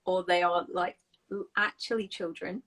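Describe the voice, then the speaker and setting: Woman, English teacher, casual chat, blunt, laughs easily, lowish voice. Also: fairly even intonation, normal speed, a bit bright, low-quality recording.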